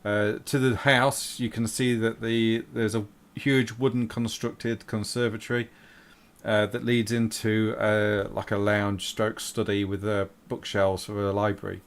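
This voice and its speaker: A man's voice: on the low side, level tone, unhurried, clear, resonant tone. A man narrating a tabletop game as game master, hesitant, with many fillers.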